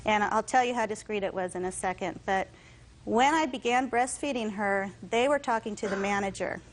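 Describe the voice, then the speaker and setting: A woman testifying in court, telling her story in an animated way and acting out what others said. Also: mid-range voice, moderate pace, low-quality recording. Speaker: litigant in court.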